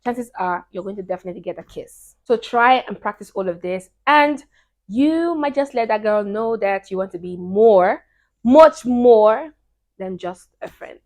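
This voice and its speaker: A woman's voice: mid-range voice, animated, measured pace. Emphatic young woman giving dating advice. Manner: emphatic, repeats key points, swings between hushed and loud. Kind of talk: casual advice talk to camera. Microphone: camera.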